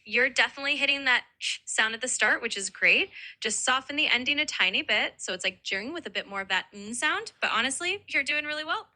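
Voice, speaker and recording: A woman's voice: high voice, expressive, brisk, bright, forceful tone. A synthetic woman's voice acting as an AI language tutor, upbeat and encouraging, overly nice. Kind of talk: chatbot voice assistant.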